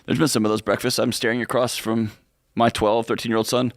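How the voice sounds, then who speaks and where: A man's voice: medium pitch, little pitch movement, a little fast, no room sound. A man co-hosting a call-in advice show in a radio studio, telling stories in an earnest, conversational way. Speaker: co-host.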